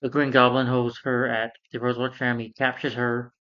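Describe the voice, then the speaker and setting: A man's voice: mid-range voice, flat delivery, moderate pace, fairly bright tone, muffled recording. A man giving a rambling, casual recap of a film as a reviewer. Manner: rambling, with fillers.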